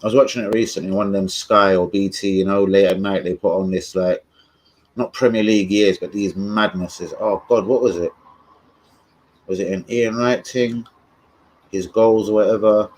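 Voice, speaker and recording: Husky sweary football streamer. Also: male voice, fairly low pitch, fairly even intonation, normal speed, darkish tone, rough recording. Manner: rambling, sweary, loses his thread. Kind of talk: casual livestream chat.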